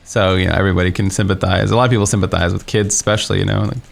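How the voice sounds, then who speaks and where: Low, gravelly and rapid-fire, with fairly even intonation, this young gamer rambles through a story while streaming. He fills it with restarts and fillers, and faint music plays behind him.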